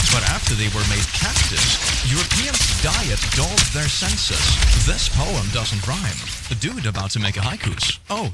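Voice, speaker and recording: Playful mocking male streamer. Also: mid-range voice. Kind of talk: casual reaction stream, reading posts aloud.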